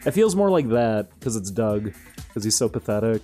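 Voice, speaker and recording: A man's voice: lowish voice, sing-song, moderate pace, mellow, faint music behind. A young man streaming, rambling through casual commentary with frequent amused laughs.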